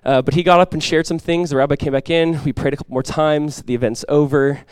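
A man preaching a sermon as pastor, telling a personal story conversationally with light humor, and praying softly and earnestly. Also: a little high, fairly even intonation, quick pace, clean tone, dry recording.

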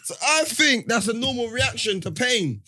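A young man, telling funny childhood stories in a relaxed chat with friends, full of slang and laughter. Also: very high voice, normal speed. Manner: animated storytelling, laughs often, slangy. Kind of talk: casual chat.

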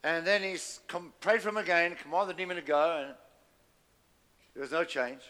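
Man, pastor, emphatic sermon, high voice, call and response. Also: normal speed, bright, forceful tone, big-room sound.

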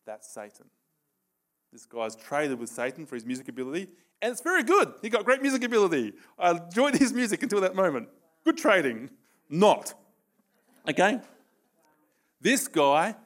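A man preaching a sermon, telling stories with animated bursts of emphasis. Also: on the high side.

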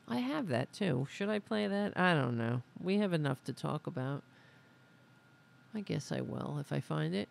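A woman's voice: sits low, lively intonation, moderate pace, creaky. A woman hosting a casual political livestream, ranting in an angry, profane and sarcastic way. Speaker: host.

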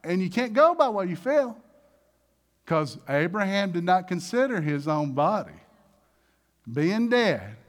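A male pastor preaching a sermon in an animated way, acting out little voices and swinging between loud and soft. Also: high voice, measured pace.

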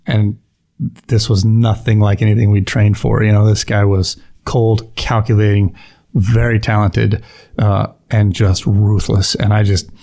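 Male officer guest, middle-aged, low voice, animated storyteller. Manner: vivid retelling, acts out quoted lines, frequent restarts. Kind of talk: storytelling interview.

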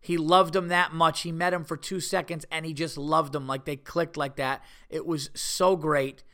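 Pitched on the high side and moving at a moderate pace, a male podcast host from New York spins a casual story. He's animated, slipping into the voices of the people he quotes.

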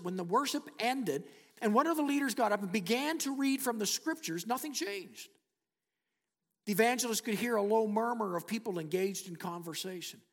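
High-pitched guy preaching, punchy then goes all hushed, big long echo like a church hall. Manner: emphatic, with dramatic pauses and hushed drops. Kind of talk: sermon storytelling.

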